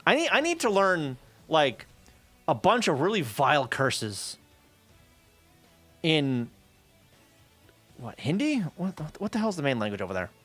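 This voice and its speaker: Animated, profane male streamer telling stories. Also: on the high side, measured pace, pauses often, faint music behind. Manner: animated, profane, acts out quoted voices. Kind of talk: casual storytelling chat.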